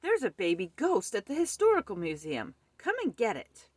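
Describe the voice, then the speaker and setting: Loud cranky old museum guy yelling in a storybook, woman putting him on, high and jumpy, dry sound. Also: huge pitch swings, moderate pace, breathy edge, no room sound. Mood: indignant. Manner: shouting. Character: hot-tempered fussy old male museum keeper.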